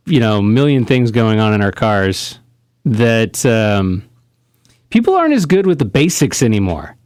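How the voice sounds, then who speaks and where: A man co-hosting a casual podcast, telling a rambling, animated story. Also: medium pitch, dry recording, studio quality. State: out of breath. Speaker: podcast co-host. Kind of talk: casual chat.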